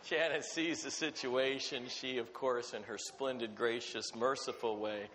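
A middle-aged man preaching a sermon, telling a personal story in an animated way. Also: medium pitch, normal speed, few pauses, a little hiss or hum. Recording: long hall reverb.

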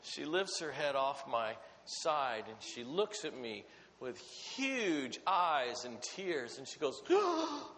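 Man preaching in church hall, lively story, reverb tail. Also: mid-range voice, slow pace, a little hiss or hum. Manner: animated storytelling with laughs. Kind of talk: sermon with personal story.

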